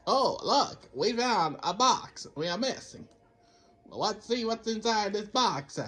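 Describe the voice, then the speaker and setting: Man, high-pitched and unhurried, casual game commentary, rambling self-talk with a Dracula-like slant he keeps trying to shake. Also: expressive, fairly bright tone. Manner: keeps drifting into a Count Dracula-style voice and scolding himself for it. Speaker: gameplay commentator. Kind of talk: casual let's-play commentary.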